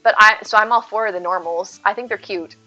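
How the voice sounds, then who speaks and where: A woman livestreaming from home, chatting with her viewers in an excitable, over-the-top way. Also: mid-range voice, a little fast, soft background music. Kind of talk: casual live game stream chat.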